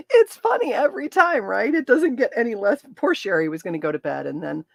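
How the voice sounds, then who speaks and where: A woman's voice: on the high side, very animated, normal speed, gravelly, no room sound. A woman hosting a casual livestream, chatting and laughing with her viewers. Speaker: livestream host.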